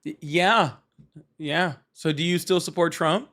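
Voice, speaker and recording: A man's voice: a little high, fairly bright tone. Teasing male talk show host. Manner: teasing, joking, quick and casual. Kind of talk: live call-in talk show.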